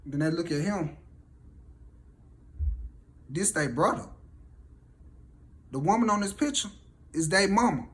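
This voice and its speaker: Southern male storyteller, slightly high voice, animated, casual delivery. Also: measured pace, pauses often. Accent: Southern American. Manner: animated, acts out every voice.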